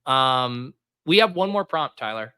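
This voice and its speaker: A man's voice: mid-range voice, expressive, unhurried, bright, forceful tone, clean tone, no echo. A man hosting a comedy podcast, asking questions in a playful, teasing way. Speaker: podcast host. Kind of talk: casual comedic chat.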